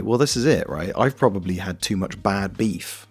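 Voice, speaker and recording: A young Welsh man, a streamer and voice actor, chats casually while knitting on a stream, with a Welsh accent and a low, expressive voice with vocal fry and a breathy edge. He speaks at a moderate pace, rambling, joking, and swearing freely over faint lo-fi music.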